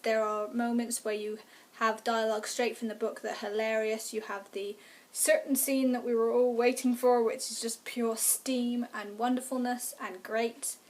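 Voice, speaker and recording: A woman's voice: a little high, darkish tone. A woman, chatting enthusiastically to camera as a book vlogger. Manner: enthusiastic, gushing fan talk. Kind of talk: casual review chat to camera.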